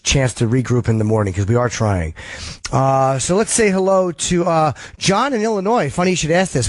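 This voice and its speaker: A man's voice: mid-range voice, darkish tone, dry recording. A man hosting a call-in radio show, chatting loosely with callers and reading ad copy in between. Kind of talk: casual call-in talk show. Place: studio.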